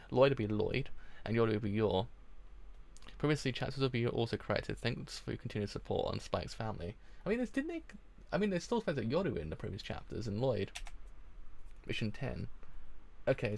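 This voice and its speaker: Gravelly man reading comics aloud. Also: lowish voice, a little mellow. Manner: reads aloud with stumbles and restarts. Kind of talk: casual live comic read-along.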